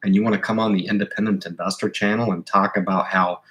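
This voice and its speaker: A man with a fairly low voice hosting an investing livestream. He talks in a casual, rambling way, stumbling and restarting phrases, and presses his advice on viewers insistently. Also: fairly even intonation, fast talker, fairly bright tone. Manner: rambling, emphatic, with repeated restarts. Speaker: investing channel host.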